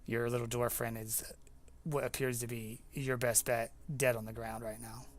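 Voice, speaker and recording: A man's voice: medium pitch, little pitch movement, normal speed. Young male game master, casual narration, filler-heavy, mid-range voice.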